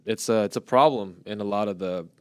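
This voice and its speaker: A man's voice: lowish voice, a little fast, smooth, dry recording, studio quality. A man in his thirties co-hosting a podcast, explaining ideas in loose, restarting phrases. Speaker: podcast co-host. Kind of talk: casual podcast chat.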